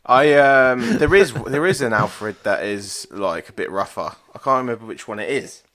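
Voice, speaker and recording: A man's voice: mid-range voice, animated, normal speed, a bit bright, no echo. A man co-hosting a podcast in laid-back, sweary chat. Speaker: podcast co-host. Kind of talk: casual chat.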